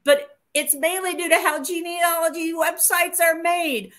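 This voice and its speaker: A woman's voice: very high-pitched, steady tone, measured pace, fairly bright tone. A woman hosting a casual livestream chat, reading viewer comments aloud in a chatty, playful way.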